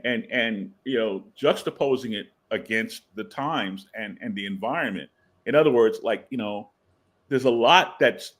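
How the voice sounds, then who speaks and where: A man's voice: medium pitch, fairly bright tone. A man, a guest writer on a podcast, telling a story with lots of fillers and acted-out scenes. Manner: rambling, many fillers, acts out scenes. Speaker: guest comic book writer. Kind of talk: animated storytelling in a podcast interview.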